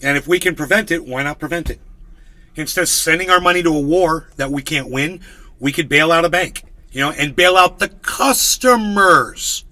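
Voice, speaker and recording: Brash, bright-voiced male streamer. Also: a little high, moderate pace. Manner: sarcastic, profane, mocking. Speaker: livestream host. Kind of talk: casual ranting commentary.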